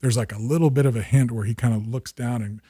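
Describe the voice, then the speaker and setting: Man, 50s, podcast guest. Husky, dry-recorded, animated raconteur. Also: medium pitch, no room sound. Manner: lively anecdotes with acted quotes and quick restarts. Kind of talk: storytelling in conversation.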